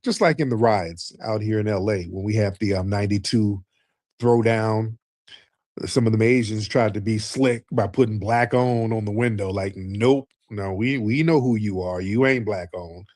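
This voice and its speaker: Man, talk show host, casual commentary, emphatic, animated, dry close sound. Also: moderate pace, no echo. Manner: emphatic, animated, rising in pitch when indignant.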